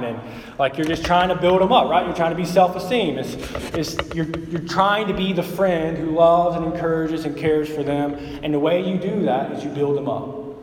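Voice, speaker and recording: A man's voice: on the high side, fairly quick, a little hiss or hum. Male pastor, chatty sermon delivery, recorded from afar in a reverberant hall. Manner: conversational preaching, many fillers like "like" and "right?". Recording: echoey hall, mic at a distance.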